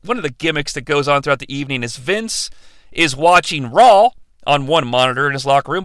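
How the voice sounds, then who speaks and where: Gravelly, bright-voiced wrestling podcast host. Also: male voice, a little high, no room sound. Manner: profane, animated, sarcastic. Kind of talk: casual wrestling recap commentary.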